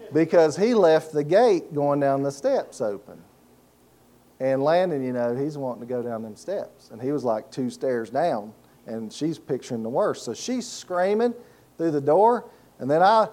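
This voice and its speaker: A man's voice: a little high, lively intonation, measured pace, warm tone. A middle-aged man preaching a sermon, telling folksy stories and asking the congregation to fill in words. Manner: folksy storytelling with laughs and call-and-response questions. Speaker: pastor.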